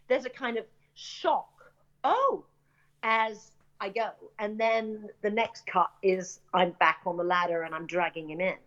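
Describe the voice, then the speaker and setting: A middle-aged British woman, an actress, telling lively anecdotes in an interview and acting out the people she quotes. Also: medium pitch. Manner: animated anecdotes, acts out quoted voices, laughs often. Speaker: actress and screenwriter, interview guest. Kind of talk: casual interview storytelling. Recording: dull lo-fi audio.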